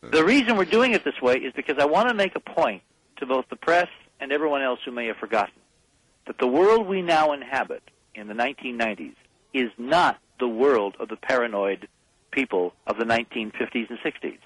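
A man's voice: medium pitch, expressive, a little fast, slightly rough, dry recording, low-quality recording. A man speaking as a radio talk show guest, pressing his case with firm emphasis. His voice sits in an ordinary middle range, and the sound is dry with no room around it. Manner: emphatic, persuasive, rallying listeners.

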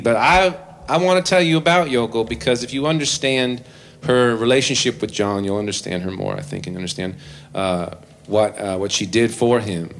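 A man performing live, telling a comic story between songs in an animated, self-deprecating way into a stage microphone. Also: fairly low pitch, slight background noise. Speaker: comedic musician performing live. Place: live venue with audience.

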